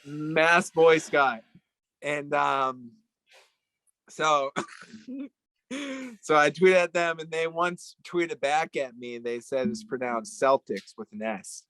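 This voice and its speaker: A man's voice: on the high side, expressive, slow pace, pauses often, a bit bright, clean tone, dry recording, poor audio. A man chatting casually in a rambling, joking way, often searching for words. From Italian heritage. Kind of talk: casual chat.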